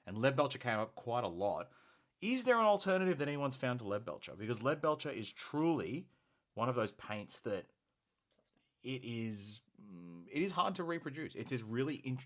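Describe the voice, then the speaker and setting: A man's voice: medium pitch, sing-song, normal speed, fairly bright tone. An Australian man hosting a hobby painting stream, chatting casually and enthusiastically with plenty of fillers. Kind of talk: casual live-stream chat while painting.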